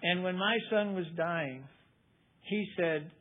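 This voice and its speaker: An older man with a voice that sits high speaks at a measured pace, giving a personal recovery testimony. He tells his story in a folksy way, acting out the people he quotes. The recording sounds tinny and phone-like, with a little hiss or hum.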